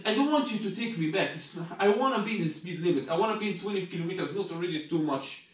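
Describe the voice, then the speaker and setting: A man's voice: high-pitched, expressive, fast. Man with non-native English in an echoey room. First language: Arabic. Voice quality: non-native English, repeats "you got me?". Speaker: product reviewer. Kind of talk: casual unboxing demo. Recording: echoey room, faint noise.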